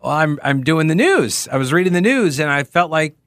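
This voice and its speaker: A man's voice: a little high, very animated, brisk, fairly bright tone, no room sound, clean studio sound. A man in his forties hosting a radio talk show, rambling through tangents and poking fun at himself. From Charlotte, North Carolina. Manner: rambling, self-mocking, goes off on tangents. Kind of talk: casual monologue with readings.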